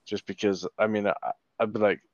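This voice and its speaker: A man's voice: fairly low pitch, level tone, fairly quick, no room sound, lo-fi sound. A man joking crudely and trading stories in a casual podcast chat. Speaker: podcast co-host.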